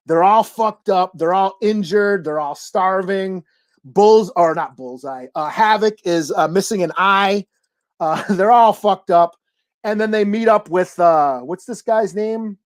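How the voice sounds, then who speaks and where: A man hosting a podcast, recapping a comic plot in a rambling, profane way with many fillers. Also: sits high. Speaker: podcast host. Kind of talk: casual podcast chat.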